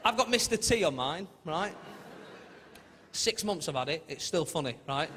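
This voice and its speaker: A man's voice: on the high side, expressive, normal speed, very noisy. A man doing live stand-up comedy on a theatre stage, telling chatty stories and tagging his lines with "right?". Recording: theatre reverb with loud audience laughter.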